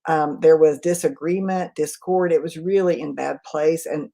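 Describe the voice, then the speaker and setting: A woman communication trainer in a live webinar, answering chat questions in a quick, conversational way. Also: deep voice, fairly even intonation, creaky, mellow. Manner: quick, conversational, self-aware.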